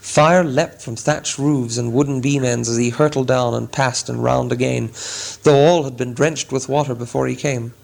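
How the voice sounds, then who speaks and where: A man reading a storybook chapter aloud as a narrator, in a measured, dramatic way. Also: medium pitch, fairly even intonation, creaky, a little mellow, poor audio. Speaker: audiobook narrator. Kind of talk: scripted narration.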